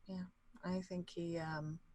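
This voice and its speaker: A player in a tabletop game describing his character's actions hesitantly, with many pauses and fillers. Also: a little high, little pitch movement, a little mellow.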